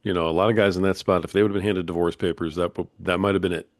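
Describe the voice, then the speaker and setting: A man's voice: low-pitched, fairly even intonation, very fast, no echo, clean studio sound. A man hosting a podcast, talking casually and encouraging his guest, calling him "brother.". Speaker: podcast host. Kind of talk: casual interview chat.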